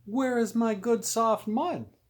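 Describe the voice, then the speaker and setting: A man's voice: very high voice, slow pace, pitched above the performer's own voice. A man voicing a small male pig who loves mud, reading it aloud from a storybook and squealing when startled. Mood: indignant.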